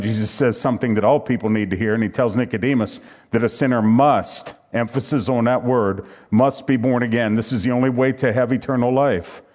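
A man's voice: mid-range voice, darkish tone. Man preaching an emphatic sermon. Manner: emphatic, repetitive preaching with scripture reading. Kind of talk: sermon teaching from a handout.

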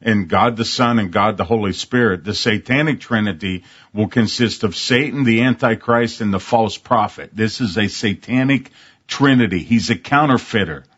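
A man's voice: on the low side, normal speed, a bit bright, slightly rough. A man preaching a sermon in an earnest, emphatic way, reading scripture aloud. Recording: dull lo-fi sermon recording.

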